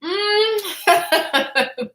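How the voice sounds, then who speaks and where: Blunt, high-voiced woman vlogger. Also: lively intonation, very slow, sharp tone. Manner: blunt, profane and chatty, answering chat as she talks. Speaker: vlogger telling a story to live chat. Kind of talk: casual storytime chat. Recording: echoey room.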